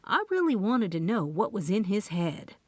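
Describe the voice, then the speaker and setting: A woman reading first-person audiobook narration in a lively, expressive voice on a close microphone. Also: medium pitch, normal speed, no echo.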